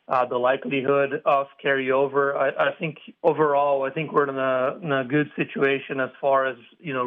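A male extension specialist speaking over a tinny phone line, at a middle pitch and very flat. He explains things in a measured way with plenty of fillers. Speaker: university extension weed specialist. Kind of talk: interview answer.

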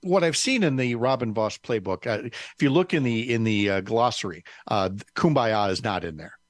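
A man co-hosting a political discussion show, speaking in a measured way as he thinks aloud. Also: mid-range voice, expressive, no echo. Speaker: talk show co-host. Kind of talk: political talk radio discussion.

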